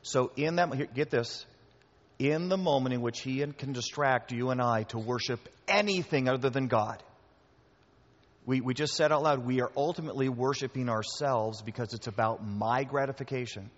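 Pastor preaching in an echoey hall. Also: male voice, mid-range voice, moderate pace. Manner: conversational, repeats words, talks to the congregation. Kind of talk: sermon. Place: church hall before a congregation. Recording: echoey hall, dull lo-fi sound.

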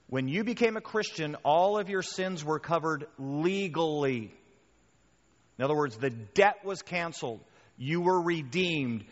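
A male pastor delivering a sermon with a fairly high voice, animated and chatty, checking in with the room as he goes. The sound is dull and muffled, with a long hall reverb trailing each phrase. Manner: animated, conversational, checks in with the crowd often.

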